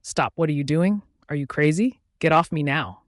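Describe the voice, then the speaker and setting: A man's voice: a little high, normal speed, no echo, studio quality, close to an everyday voice. A man reading the lines of a defiant young woman working at a resort, in a firm, cold voice. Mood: commanding. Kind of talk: audiobook character reading.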